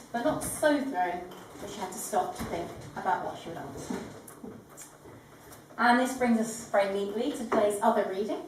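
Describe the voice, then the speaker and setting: A woman's voice: medium pitch, slight background noise. A woman officiating a wedding, delivering a formal ceremony address with a composed, lightly humorous manner. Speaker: wedding celebrant. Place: large echoing room at a ceremony. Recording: echoey room from far off.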